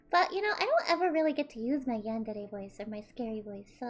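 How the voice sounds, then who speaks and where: A woman's voice: a little high, sing-song, fairly quick. A woman streaming a game live, bubbly and giggly, thanking her chat as she plays.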